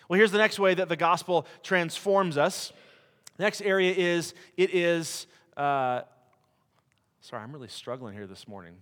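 A man's voice: high voice, fairly bright tone. A middle-aged man preaching a sermon as a missionary, conversational and self-deprecating as he tells stories. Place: church hall. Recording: long reverb of a church hall.

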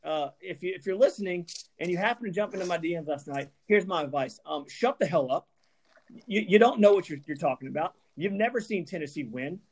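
A man's voice: a little high, expressive, fast. A man co-hosts a podcast and vents in a heated rant. His voice jumps all over the place, and he keeps stammering and restarting as his anger builds. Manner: angry, emphatic, stammering restarts. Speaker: podcast co-host.

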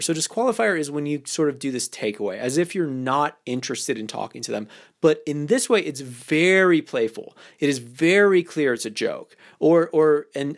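A man hosting a podcast as a dating coach, talking casually with lots of fillers and acting out playful example lines. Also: a little high. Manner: casual, loose phrasing with many fillers. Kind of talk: instructional podcast talk.

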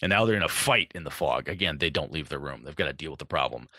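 A man talking casually about running tabletop games, animated and profane, acting out characters as he goes. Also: very deep voice, quick pace, slightly rough, no room sound, clean studio sound. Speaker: game master.

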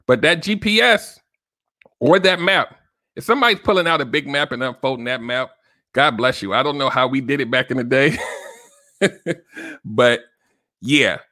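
A man's voice: mid-range voice, moderate pace, pauses often, sharp tone, no echo, clean studio sound. A man hosting a solo relationship-advice podcast, talking casually and directly to listeners, often checking in with "right?". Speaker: podcast host.

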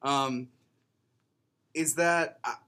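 A man co-hosting a casual podcast, agreeable and quick to laugh, often repeating "yeah". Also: mid-range voice, bright, forceful tone. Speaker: podcast co-host.

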